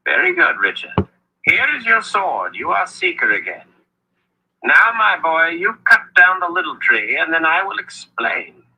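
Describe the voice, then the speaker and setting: A man's voice: on the high side, very animated, unhurried, sharp tone, lo-fi sound, a little hiss or hum, voice pushed up, heavily acted. A man playing an impish old wizard. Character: impish old male wizard, sly and mentoring.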